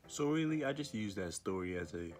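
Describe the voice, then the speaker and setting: A young man vlogging to his own camera, telling a story in slangy, laid-back talk and chuckling between remarks, his voice low and rough from being sick. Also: lively intonation, a little fast, darkish tone, faint music behind. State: sick, voice lower than usual. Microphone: camera he set up facing himself.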